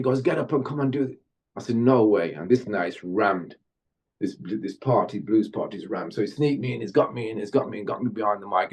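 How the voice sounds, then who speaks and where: Telling lively tales from his music career as a podcast interview guest, a middle-aged Birmingham, England man speaks in a fairly low, slightly rough voice. When chanting, he shifts into Jamaican-style patois.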